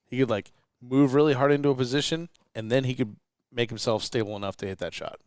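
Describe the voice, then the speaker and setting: A man chatting as a podcast guest late at night, telling lively anecdotes. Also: mid-range voice, fast talker, smooth, no room sound, studio quality. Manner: storytelling, animated anecdotes. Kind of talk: late-night casual chat. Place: indoors in a rental house.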